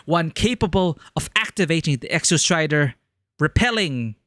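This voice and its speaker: A man's voice: a little high, animated, moderate pace, fairly bright tone, no room sound. A man voicing a formal official who presents a giant mech program, reading in a put-on generic British accent with stiff, declamatory delivery. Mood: assuring.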